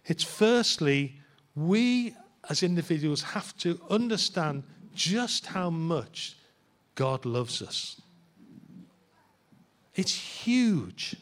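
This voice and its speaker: A man's voice: high voice, fairly bright tone. A man, a pastor, preaching a sermon in a church in a conversational way and asking his listeners rhetorical questions.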